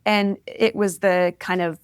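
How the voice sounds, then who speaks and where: A woman in her forties, an interview guest, telling candid personal stories in an expressive, reflective way, often adding "like" and "right?". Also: mid-range voice, unhurried, clear, resonant tone, no room sound, clean studio sound. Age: 40s. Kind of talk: candid conversational storytelling.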